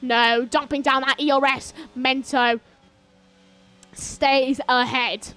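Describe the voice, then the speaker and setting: A young woman commentating a live sim race on stream, grumbling between calls and bursting into excited shouts during battles. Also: high voice, slow, faint music behind.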